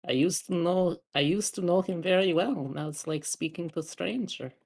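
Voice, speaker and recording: A player speaks in character with stiff, formal phrasing and drops small words. The tone stays measured. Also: mid-range voice, creaky. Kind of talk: in-character banter.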